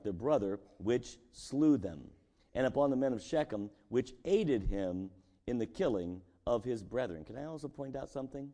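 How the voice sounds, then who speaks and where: A man's voice: mid-range voice, dark tone. A man preaching a sermon as pastor, talking casually and asking his congregation rhetorical questions. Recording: long echo of a large hall.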